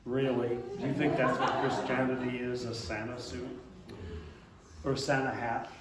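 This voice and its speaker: An older man, an abbot, telling a lively story to a congregation, now and then throwing in a big booming laugh. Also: moderate pace. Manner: animated storyteller, booming put-on Santa laughs. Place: church hall. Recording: echoey hall, speaker far from mic, faint hiss.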